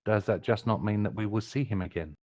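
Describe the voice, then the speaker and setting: A man playing in an online tabletop game, measured and skeptical in how he talks. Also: on the low side, a little mellow. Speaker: player. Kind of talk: casual chat during an online game.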